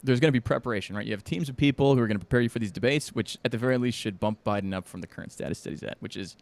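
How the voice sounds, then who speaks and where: A man co-hosting a podcast in casual chat, animated and laughing often, slipping into impressions of people in his stories. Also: medium pitch, racing, gravelly. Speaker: podcast co-host.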